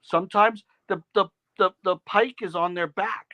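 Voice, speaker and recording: A man who runs tabletop games explains his approach earnestly, ticking through his points one by one. His voice is high and bright, with a crisp edge. It is recorded dry, with no room sound around it. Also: fairly even intonation, moderate pace, no room sound. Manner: earnest, list-making explanations. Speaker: podcast co-host and game master. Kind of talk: casual gaming chat.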